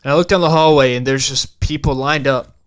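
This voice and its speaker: A young man hosting a podcast, telling a personal story in a halting way, repeating and restarting his phrases and swearing casually. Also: medium pitch, clear, resonant tone. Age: young adult. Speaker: podcast host.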